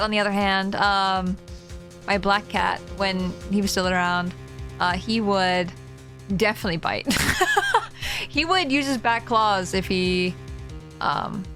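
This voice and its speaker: A woman's voice: mid-range voice, fairly bright tone. A young woman streaming a game, chatting casually and giggling, with lots of "like" fillers. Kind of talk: casual gaming stream chat.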